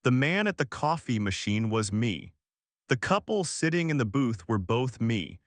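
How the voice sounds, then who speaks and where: A man reading a first-person horror story aloud as scripted narration, with a measured storytelling delivery. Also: medium pitch, sing-song, no echo.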